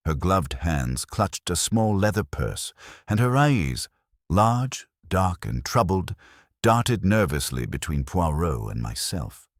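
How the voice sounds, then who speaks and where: A man narrating a story in the first person, in a measured, formal way. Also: sits low, no echo, studio quality.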